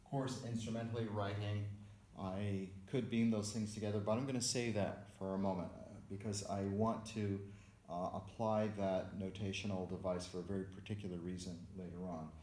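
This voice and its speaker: Lower-voiced man lecturing in an echoey room. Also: steady tone, normal speed, dark tone. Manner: methodical, explaining step by step while notating. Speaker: music theory instructor. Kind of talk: recorded lecture. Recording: echoey room with faint background noise.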